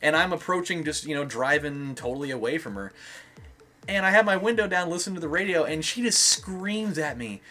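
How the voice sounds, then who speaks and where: A man's voice: on the high side, expressive, fairly quick, pushed and bright. A young man giving casual gameplay commentary as a let's play host, rambling with lots of fillers and swearing.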